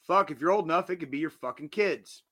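Talking fast in a slightly high, fairly bright voice, a man in his forties hosts a podcast. He gives a casual motivational monologue, a blunt pep talk that's full of swearing but earnest.

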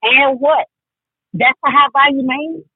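A woman calling in to a talk show, talking with animated emphasis and often cutting in. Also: high-pitched, measured pace, no room sound. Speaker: caller. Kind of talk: call-in show chat. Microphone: phone. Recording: tinny phone line.

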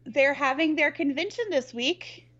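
A woman co-hosting a podcast over a video call, blunt and quick to laugh, cursing freely in casual chat. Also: high-pitched, bright, forceful tone, muffled recording. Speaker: podcast co-host.

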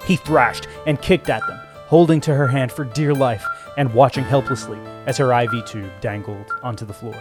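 A man narrating a story in a measured, even storytelling voice. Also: medium pitch. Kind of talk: scripted audiobook narration. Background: faint music score.

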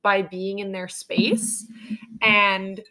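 A woman co-hosting a podcast in casual chat, joking and quick to laugh along. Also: mid-range voice, little pitch movement, bright, forceful tone, rough recording. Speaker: podcast co-host.

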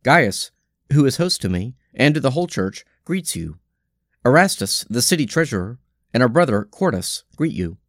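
A man's voice: mid-range voice, sing-song, no echo. Solemn male scripture reader, dry sound. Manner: measured, solemn reading. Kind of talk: reading a daily lectionary.

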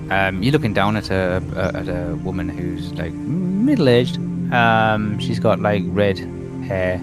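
Brief: man running a tabletop game, lively pitch, rambling, music behind. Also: slow. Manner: rambling, many fillers. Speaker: game master.

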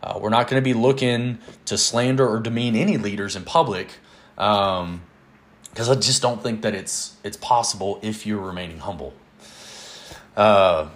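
A man teaching the Bible in a casual, earnest way, with many fillers. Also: fairly low pitch. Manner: earnest, measured, with fillers and little laughs. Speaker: podcast host, Bible teacher.

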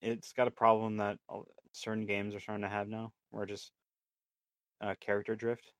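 A man co-hosting a podcast in casual chat, with dry, terse, deadpan remarks. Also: lowish voice, moderate pace, no echo. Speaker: podcast co-host.

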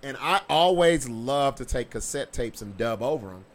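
A man's voice: medium pitch, expressive, normal speed, over a noisy crowd. A man hosting a podcast, telling stories in casual chat with a swaggering, profane delivery. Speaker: podcast host.

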